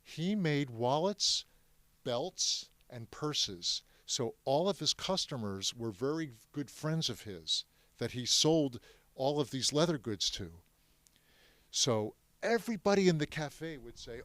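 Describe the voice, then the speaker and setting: A man's voice: mid-range voice, very animated, takes it slowly, fairly bright tone, dry recording. Man giving an emphatic classroom talk. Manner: emphatic, addresses the audience with questions. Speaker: speaker telling his family's story to students.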